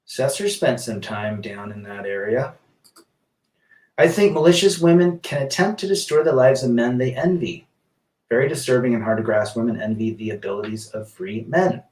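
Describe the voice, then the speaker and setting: A man's voice: medium pitch, normal speed, a little mellow, reverberant, recorded from a distance. A man hosting a casual live stream, reading viewer comments aloud and answering in a rambling, blunt way with many restarts.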